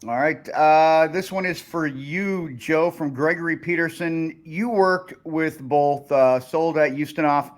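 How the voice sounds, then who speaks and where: A man's voice: a little high, measured pace, hardly any pauses. A man hosting a podcast, reading listener questions aloud in an upbeat way. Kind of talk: casual chat.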